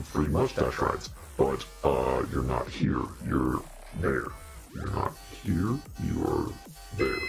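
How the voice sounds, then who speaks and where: A man with an extremely low, rumbling voice hosts a casual livestream in a demon persona. He rambles, jokes and chats directly with his viewers. Faint music sits in the background. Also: vocal fry. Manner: rambling, joking, talks to viewers.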